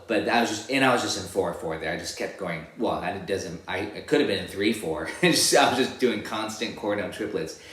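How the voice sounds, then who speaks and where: A man giving a casual guitar lesson, counting beats and singing rhythms as syllables in a relaxed, rambling way. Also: lowish voice. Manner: sings rhythms as syllables while demonstrating on guitar; relaxed, rambling explanations with restarts. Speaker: guitar teacher. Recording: roomy room with loud guitar playing.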